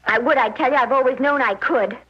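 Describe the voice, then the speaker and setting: A woman's voice: high voice, brisk, a bit bright, husky. An actress playing an earnest young woman who dreams of becoming an actress, in a 1930s film. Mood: defiant. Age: young adult. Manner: earnest and defiant. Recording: muffled 1930s film soundtrack with music.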